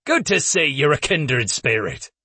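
A man voicing a gruff, stubborn old male warrior who grumbles and swears in a husky voice. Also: on the high side, big pitch swings, unhurried, pushed and bright, dry recording, full character voice.

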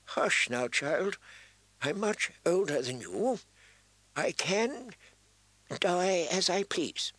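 A man reading an audiobook voices a dying old maester, speaking softly and haltingly. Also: high voice, expressive, no echo, pitched above the performer's own voice, heavily acted. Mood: weak. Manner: soft, faltering, broken phrases. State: weak, dying. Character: dying old male maester, gentle and weak.

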